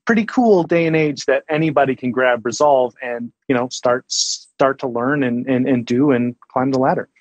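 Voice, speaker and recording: A man answering interview questions in a calm, measured way. He pauses often and restarts his sentences as he thinks. The recording is dry and close, with no room sound. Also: mid-range voice, dry recording, poor audio. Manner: measured, thoughtful, hesitant with ums and restarts. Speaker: guest, senior colorist. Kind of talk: casual interview chat.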